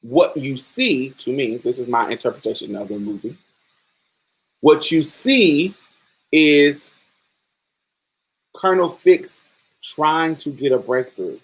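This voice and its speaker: A woman's voice: rumbling low, takes it slowly, long pauses, husky. A woman podcast host giving casual film commentary, emphatic and profane, acting out the characters' lines as she talks.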